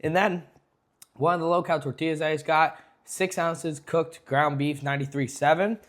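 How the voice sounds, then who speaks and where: A young man talks casually to the camera in a fitness vlog, loose and jokey, swearing often and calling his viewers "boys." His voice is on the high side with a steady tone and a moderate pace.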